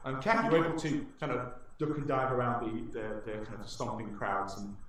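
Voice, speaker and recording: A man's voice: mid-range voice, brisk, a little hiss or hum. A man narrating a tabletop game as dungeon master, telling the story with lots of fillers. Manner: animated storytelling, many fillers and restarts. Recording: echoey room.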